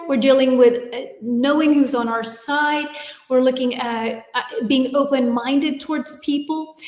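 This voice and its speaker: American woman teaching in an echoey room. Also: sits high. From United States. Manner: chatty, reads comments aloud and reacts. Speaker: English teacher. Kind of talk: live-stream lesson reading viewer comments. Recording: echoey room with long reverb.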